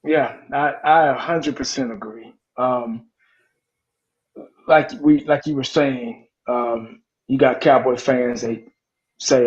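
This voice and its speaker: A man's voice: medium pitch, steady tone, slow, darkish tone. A man on a sports talk panel, rambling and impassioned, cursing and repeating his points. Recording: dull lo-fi call audio.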